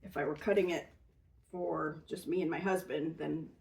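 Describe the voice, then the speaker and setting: A woman's voice: low voice, fairly even intonation, moderate pace, creaky, darkish tone. A woman hosting a casual home cooking demonstration, explaining each step plainly and chattily with easy fillers, in a kitchen. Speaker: cooking channel host. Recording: voice a bit far from the mic.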